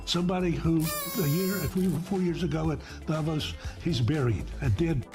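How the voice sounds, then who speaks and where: A man's voice: fairly high pitch, moderate pace, over music. A man giving emphatic political commentary in a played clip.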